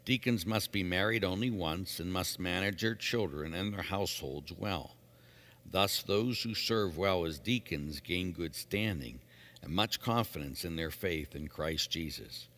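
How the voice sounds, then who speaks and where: A very deep-voiced priest reads scripture with a solemn, measured delivery, then preaches earnestly. His voice rings out with a long church reverb. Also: fairly bright tone. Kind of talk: liturgical reading and homily.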